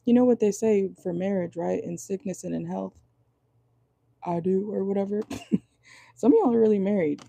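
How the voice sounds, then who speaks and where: A woman giving a casual tarot reading, chatty and profane, with a voice going hoarse, constantly checking in with "okay?". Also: medium pitch, moderate pace, pauses often, warm tone, no room sound. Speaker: tarot reader.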